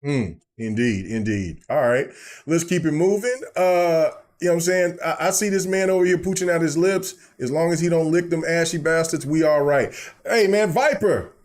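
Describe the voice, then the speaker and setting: A man's voice: on the high side, moderate pace, darkish tone. A man hosting a casual gaming podcast, playful and teasing, often repeating his words. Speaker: podcast host.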